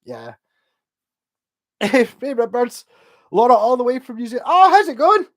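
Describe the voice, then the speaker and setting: A man's voice: very high voice, big pitch swings, measured pace. Tipsy man rambling on a livestream. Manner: rambling, chatty, laughs often. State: drunk. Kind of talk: casual livestream chat, reading out chat. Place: home, late at night.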